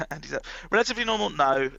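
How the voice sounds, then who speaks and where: A man's voice: fairly high pitch, animated, fairly quick, gravelly, pushed and bright, dry recording. A man, a comedian guest, chatting casually in a self-deprecating way with chuckling asides. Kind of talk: casual chat. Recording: slightly dull lo-fi sound.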